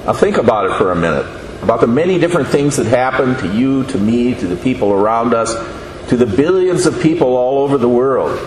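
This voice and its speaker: A man giving a sermon, speaking slowly and deliberately and asking the listeners questions. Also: medium pitch, a little mellow. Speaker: preacher. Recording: echoey room with faint noise.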